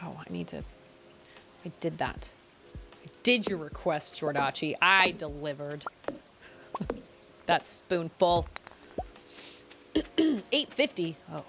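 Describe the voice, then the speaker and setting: A woman's voice: deep voice, lively intonation, slow, long pauses, pushed and bright, slight background noise. A woman in her thirties streaming a game, chatting casually, giggly and rambling. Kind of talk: casual chat while gaming.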